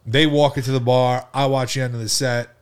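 A man's voice: medium pitch, a little fast, clear, resonant tone. A man on a casual podcast telling a wild night-out story, swearing often and acting out what people said. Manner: profane, animated storytelling with re-enacted quotes. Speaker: podcast co-host.

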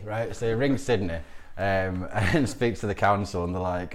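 A man's voice: on the low side, moderate pace, few pauses. A middle-aged man, a podcast guest, telling stories in a rambling way, often restarting and laughing. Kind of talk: casual interview storytelling.

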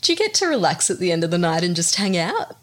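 A woman's voice: fairly low pitch, wildly swooping pitch, quick pace, dry recording, studio quality. A woman hosting a podcast, giving a polished introduction and asking interview questions in an upbeat presenter manner. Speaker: podcast host.

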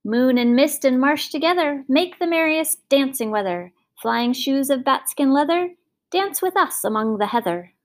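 A woman's voice: high voice, very animated, normal speed, few pauses, voice pushed up. Woman doing giddy chanting will-o'-the-wisps. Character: giddy, flighty swarm of dancing marsh lights.

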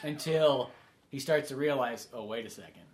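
A man's voice: mid-range voice, moderate pace, darkish tone, a little hiss or hum. A man co-hosting a podcast, casually talking through a film's plot. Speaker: podcast co-host. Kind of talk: casual film discussion.

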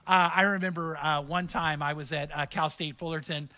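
A man's voice: a little high, steady tone, moderate pace, bright, forceful tone. A male pastor preaching a sermon, reading verses aloud and teaching through personal stories in a conversational way.

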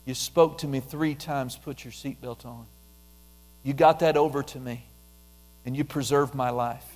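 A man preaching a conversational sermon, repeating phrases and dropping into a soft, quiet voice when he prays aloud. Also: medium pitch, fairly even intonation, measured pace. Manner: conversational, repetitive, drops softly into prayer voice.

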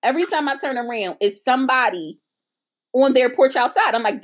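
A woman co-hosting a podcast, chatting casually in a profane, animated storytelling manner. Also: sits high, brisk. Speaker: podcast co-host. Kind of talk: casual chat.

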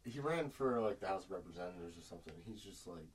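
A man's voice: sits low, lively intonation, fast, background noise. A man chiming in as co-host on a casual podcast, with offhand joking interjections from away from the microphone. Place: small recording studio.

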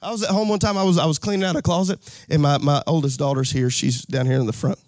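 A man preaching a live sermon as pastor, animated and folksy, breaking into shouts and a sing-song cadence. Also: on the high side, fast, dry recording, studio quality. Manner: folksy, jokes with the crowd, repeats phrases.

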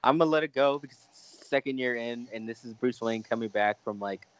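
Excitable rambling young man. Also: mid-range voice, brisk, clean tone, no echo, lo-fi sound. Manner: excitable, rambling, heavy filler words. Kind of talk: casual chat.

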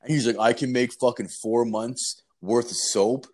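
A man's voice: mid-range voice, moderate pace. A man, swearing constantly as he tells rambling stories in a casual chat. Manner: profane, animated storytelling.

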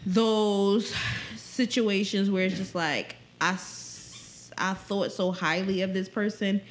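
A woman's voice: medium pitch, slow pace, a little hiss or hum. A pregnant young woman co-hosting a podcast, telling a story in casual chat, swearing a lot and acting out what people said. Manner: profane, animated storytelling, quotes people often. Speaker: podcast co-host.

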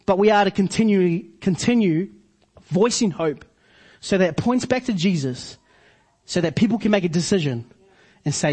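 Husky high-voiced preacher. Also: male voice, a little mellow. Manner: preaching with slow emphatic repetitions. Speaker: pastor. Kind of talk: sermon.

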